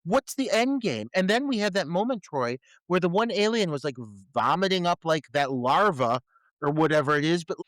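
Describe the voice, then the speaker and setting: A man co-hosts a movie podcast and reacts to the film with animated disbelief, swearing as he goes. His voice sits a bit high for a man. The sound is dry and close to the mic. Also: normal speed, no room sound. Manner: animated and incredulous, swears freely. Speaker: podcast co-host. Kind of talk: casual movie review chat.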